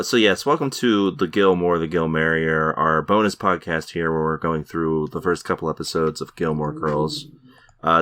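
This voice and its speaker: Man, podcast host, chatty, upbeat, very low voice, bright tone. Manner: upbeat, chatty, laughs often. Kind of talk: casual chat.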